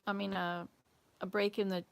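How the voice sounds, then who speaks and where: A woman's voice: medium pitch, little pitch movement, moderate pace, gravelly, a little hiss or hum. A woman from the Southern United States hosting, telling a story in a casual, rambling, digressive way. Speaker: host.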